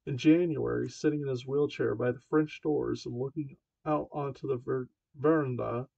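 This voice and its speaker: Gravelly man reading a novel aloud. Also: medium pitch, fairly even intonation, moderate pace, darkish tone, no room sound. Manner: stumbling reading with self-corrections. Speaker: amateur audiobook reader. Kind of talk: amateur audiobook narration. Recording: dull dry lo-fi home recording.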